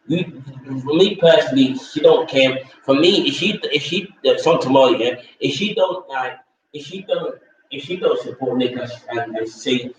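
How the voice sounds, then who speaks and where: A man talks in a loose, rambling way, circling back over the same blunt opinions again and again. His voice sits at an ordinary middle pitch. It comes from well back from the mic in a very echoey room, with a dull, lo-fi tone. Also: moderate pace, recorded from a distance, a little hiss or hum. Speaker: vlogger reviewing a reality show. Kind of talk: casual opinionated chat.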